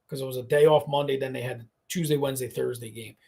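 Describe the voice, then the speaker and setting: A man's voice: medium pitch, fast. A man hosting a podcast, telling stories in casual chat, acting out quotes and swearing freely. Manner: animated storyteller, acts out quotes, swears freely. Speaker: podcast host.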